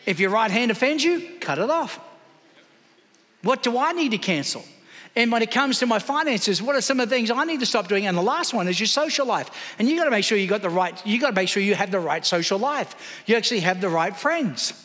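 A pastor preaches a sermon in a church hall, calling out to his congregation for responses. His voice sits high with lively intonation, a little fast and somewhat bright. A long hall reverb trails every line.

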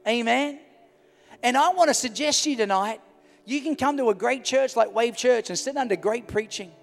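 A middle-aged male pastor preaching a sermon in a large church hall, swinging from loud to hushed. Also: very high-pitched, normal speed, creaky. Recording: reverberant church hall with music.

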